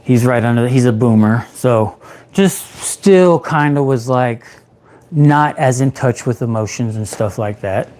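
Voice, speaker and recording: A man in his thirties, a peer support specialist, telling his own recovery story on a livestream in an animated way, acting out what he said back then. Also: medium pitch, unhurried.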